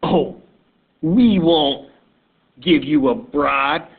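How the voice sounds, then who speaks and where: A stubborn American diplomat bristles with outrage, as a male teacher acts him out in class. His voice climbs high and gets loud, with a husky edge. It all comes through a thin, phone-like recording. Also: extremely slow. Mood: indignant. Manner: outraged, raised voice.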